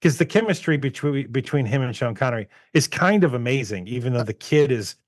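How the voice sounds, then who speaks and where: A man's voice: medium pitch, animated, a little fast, dry recording, studio quality. A man co-hosting a movie podcast in casual chat, rambling and laughing as he retells anecdotes. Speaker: podcast co-host.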